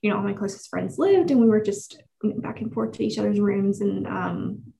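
Woman guest with a gravelly fry. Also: mid-range voice, mellow, poor audio. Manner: measured, reflective, with fillers. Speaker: guest, university staff. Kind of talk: reflective interview answers.

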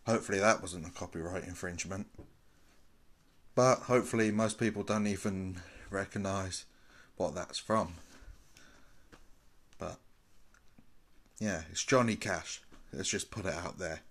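A man's voice: fairly low pitch, unhurried, fairly bright tone. A man hosting a small solo podcast, rambling and self-mocking as he trips over his own wordplay. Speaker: podcast host. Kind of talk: casual solo podcast chat.

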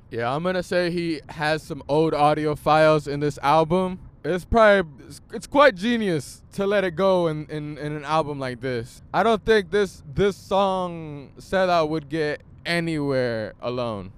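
A man's voice: fairly high pitch, unhurried, hardly any pauses, clear, resonant tone. Profane young man ranting while driving. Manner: profane, ranting, switching between English and Spanish. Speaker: podcast host. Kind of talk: casual vlog while driving. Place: inside a car on the highway.

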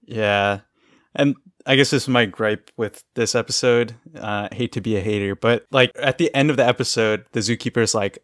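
A relaxed man with a low-pitched voice co-hosts a casual podcast, walking through a cartoon episode scene by scene. He laughs easily. The recording is dry and close. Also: normal speed, no echo. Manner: laid-back, laughs often, retells scenes. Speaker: podcast co-host.

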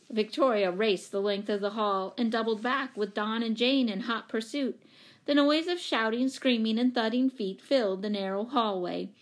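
A woman narrating a children's storybook with a lively, expressive reading. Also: a little high. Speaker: audiobook narrator.

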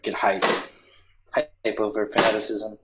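A man's voice: lowish voice, flat delivery, measured pace, very noisy. A man co-hosting a casual livestream, chiming in with short upbeat remarks and slang. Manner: brief, upbeat sign-offs and slang. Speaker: livestream co-host.

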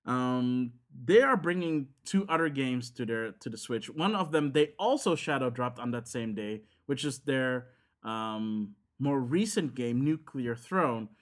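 A man's voice: mid-range voice, expressive, unhurried. A man, chatting casually on a podcast and rambling with lots of fillers and restarts. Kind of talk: casual chat about games.

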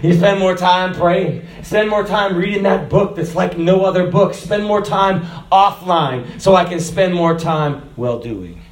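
A man delivers an energetic, folksy sermon with a high voice, breaking into laughs and shouts. He was recorded on a phone in an echoey room. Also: measured pace. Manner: animated, folksy preaching with laughs and shouted lines. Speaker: preacher.

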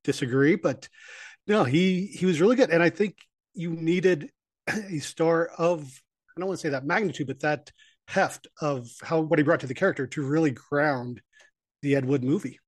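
A man co-hosting a podcast, talking in a measured way and searching for his words. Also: fairly high pitch, no room sound. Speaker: podcast co-host. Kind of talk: casual chat.

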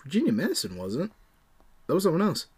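A man with a fairly high, very lively voice talking through a movie in a casual podcast chat. He often hesitates and restarts, and acts out his own reactions as he goes. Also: quick pace, husky. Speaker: film podcast co-host.

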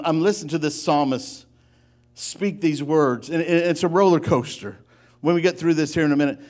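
A man preaching a sermon, telling a folksy story in an animated way and often breaking off to restart his sentences. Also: on the high side. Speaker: pastor.

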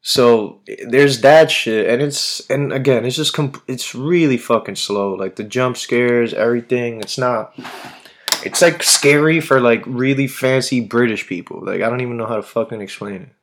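A man's voice: medium pitch, moderate pace. A man hosting a podcast, chatting casually in a rambling way, swearing constantly and using lots of slang. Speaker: podcast host. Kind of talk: casual chat.

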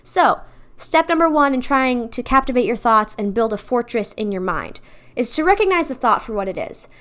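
A woman's voice: fairly high pitch, sing-song, normal speed, a bit bright. A young woman in her twenties hosting a podcast, giving an earnest, confessional faith talk full of "like" and "you know". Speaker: podcast host.

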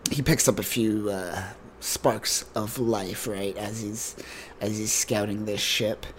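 A man's voice: fairly low pitch, steady tone, takes it slowly, slight background noise. A man co-hosting a casual podcast, recapping a comic story in a rambling, joking way with many fillers. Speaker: podcast co-host.

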